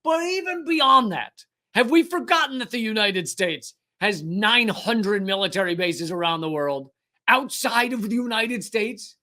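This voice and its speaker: A man's voice: sits high, animated, unhurried, sharp tone. A man hosting a political commentary show, ranting with profanity and sarcastic put-on voices. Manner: profane, sarcastic, mocking mimicry. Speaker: host.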